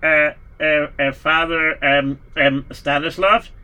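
A man playing a timid father, talking haltingly with many pauses and uh's, in a live told story. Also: a little high, flat delivery, bright, forceful tone, clear, resonant tone, full character voice. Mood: hesitant. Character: timid father seeking help for his son. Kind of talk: live storytelling role-play.

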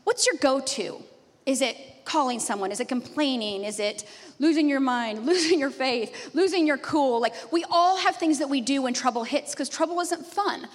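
A woman in her thirties preaching a sermon as a pastor, a lively storyteller who laughs often. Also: high voice, moderate pace. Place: church sanctuary. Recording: long reverb of a church hall.

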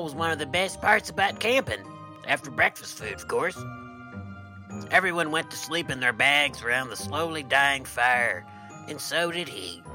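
A man co-hosting a comedy podcast, telling a campfire tale with a folksy, deadpan drawl. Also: on the high side. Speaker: podcast co-host and storyteller.

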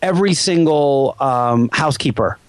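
Man, 40s, podcast host; lively storyteller, dry close sound. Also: mid-range voice, normal speed, no room sound. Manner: animated, acts out quoted voices. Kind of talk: casual storytelling chat.

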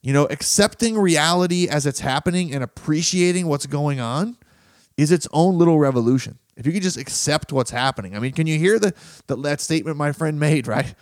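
A man's voice: a little high, fairly quick, no room sound, clean studio sound. A man hosting a motivational talk show in an earnest, conversational way. He often asks his listeners questions and laughs now and then. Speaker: podcast host.

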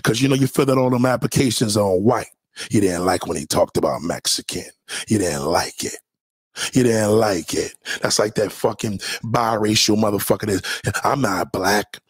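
Husky man in heated, mocking commentary. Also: lowish voice, fairly quick, dry recording. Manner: heated, mocking, swings into sudden shouts. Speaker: commentator reacting to a clip. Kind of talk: profane reaction commentary.

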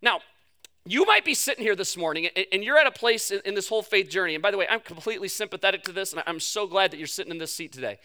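A man delivers a conversational sermon at a church service. His voice sits very high and sounds bright. He talks in an animated way and slips in jokes and playful asides. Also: quick pace. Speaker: preacher. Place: church service before a congregation.

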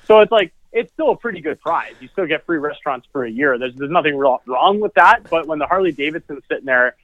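Guy talking fast on a tinny phone call, rambly, keeps repeating words. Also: a little high, animated. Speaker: podcast guest. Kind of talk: casual chat.

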